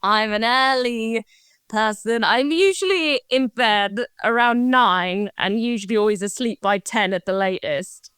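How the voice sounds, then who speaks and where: Bright giggly woman from australia, guest on a podcast, smooth clear voice, dry sound. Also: on the high side, unhurried, no echo. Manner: giggly, lively, laughs often. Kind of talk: casual podcast conversation.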